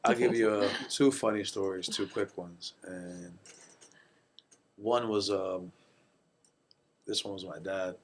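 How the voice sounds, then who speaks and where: A man who manages his family's restaurant, telling stories casually in an interview, relaxed and heavy on fillers. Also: sits low, takes it slowly, pauses often, a little hiss or hum.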